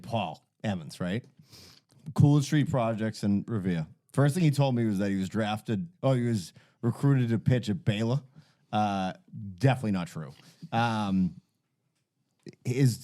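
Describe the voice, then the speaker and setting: A man's voice: lowish voice, mellow. A man, hosting a podcast and telling a long, profane, rambling story in casual chat. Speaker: podcast host.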